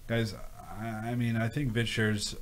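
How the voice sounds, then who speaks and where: A man chats casually on a livestream from his home setup, his voice at an ordinary middle pitch. He rambles and breaks into animated rants, repeating words for stress, and he drifts off the mic now and then. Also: a little slow, slight background noise. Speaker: crypto livestream host. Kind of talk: casual livestream chat reading viewer questions.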